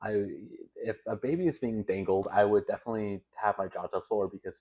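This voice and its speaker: A man's voice: fairly low pitch, quick pace, few pauses, darkish tone. A young man hosting a video, telling a story in a casual, rambling way with stammers and self-corrections. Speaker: video host.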